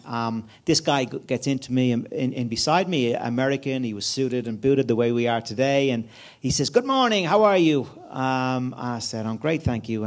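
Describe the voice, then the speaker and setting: An Irish man in his fifties speaks as a guest at a conference. He tells stories in a loose, chatty way, full of fillers and restarts, with a voice of middling pitch. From Ireland. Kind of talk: anecdotal conference chat. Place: conference room before an audience.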